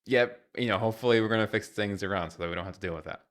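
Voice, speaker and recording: A man's voice: on the low side, racing. A young adult man streaming live, ranting in an exasperated way with lots of fillers and restarts.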